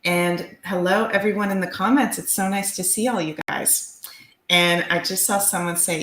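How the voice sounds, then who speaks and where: A woman's voice: medium pitch, moderate pace, fairly bright tone, reverberant, slight background noise, rough recording. A woman co-hosting a livestream, chatting in an upbeat, gushing way as she promotes products and shows. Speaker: livestream co-host. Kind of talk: livestream chat.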